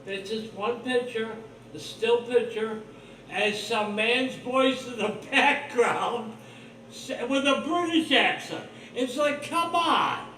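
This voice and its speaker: A man's voice: very high voice, slow, sharp tone, distant mic, a little hiss or hum. A man hosting his own livestream, talking in a rambling, blunt, profane monologue full of suspicion. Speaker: livestream host. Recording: roomy echo, voice off-mic, faint ambience.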